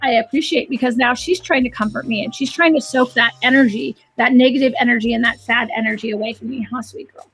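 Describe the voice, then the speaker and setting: A woman's voice: on the high side, fairly even intonation, fast, few pauses, a bit bright, breathy edge, soft background music. A woman hosting a live psychic reading stream, talking in a chatty, rambling way and often restarting her sentences. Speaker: psychic and animal communicator host.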